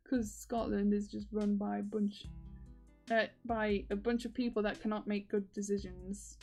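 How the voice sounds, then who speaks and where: A woman's voice: mid-range voice, level tone, takes it slowly, long pauses, a little mellow, soft background music. A woman chatting casually in a video diary, rambling with lots of fillers and frequent laughs. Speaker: video diarist.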